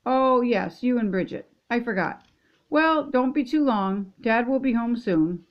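A woman voicing a distracted, cheerful mother, bright and lifted, on a dull lo-fi recording. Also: a little high, expressive, unhurried.

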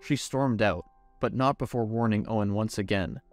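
A man's voice: fairly low pitch, moderate pace, faint music behind. A man reading a romance story aloud as first-person scripted narration. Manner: expressive storytelling.

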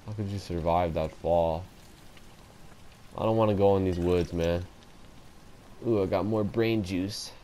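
A young man commenting on a horror game as he plays, excitable and joking as he talks to himself. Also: deep voice, a little slow, pauses often, slight background noise. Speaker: let's play gamer. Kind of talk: casual gameplay commentary.

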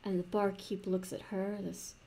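A woman improvising a fantasy story in a rambling, soft manner, with restarts and playful asides. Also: medium pitch, little pitch movement, moderate pace, creaky, slight background noise.

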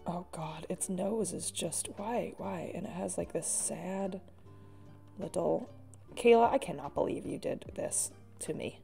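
A woman artist with a lowish, warm voice and some vocal fry speaks unhurriedly over soft background music. She chats casually while drawing live, poking fun at herself amid frequent laughs and sighs.

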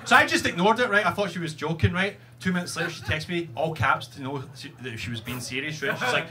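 A man's voice: high voice, very animated, fast, hardly any pauses, noisy background. A Scottish man doing a stand-up comedy set, telling a profane story full of "right?" tags and acted-out quotes. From Scotland. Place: comedy club stage. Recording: live club set, loud audience laughter.

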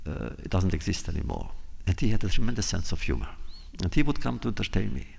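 A man giving a public talk, unhurried, telling a true story and acting out quoted dialogue, often repeating phrases for emphasis. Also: low voice, big pitch swings, creaky, a little mellow, husky. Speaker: guest speaker.

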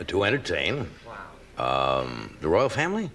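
A man's voice: sits low, huge pitch swings, measured pace. A man hosting a late-night talk show, feeding dry, brief prompts to his guest, on noisy old broadcast audio with a studio audience.

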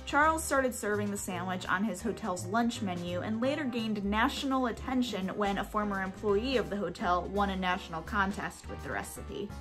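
A woman's voice: mid-range voice, normal speed, few pauses, over music. A woman vlogger cooking in a home kitchen, chatting casually as she explains each step plainly.

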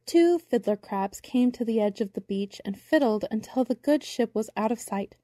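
A woman with a fairly high voice narrates a children's storybook in a gentle, measured way. Her reading is clear and unhurried, suited to young listeners. The recording is dry and close, with no room sound. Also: animated, no room sound.

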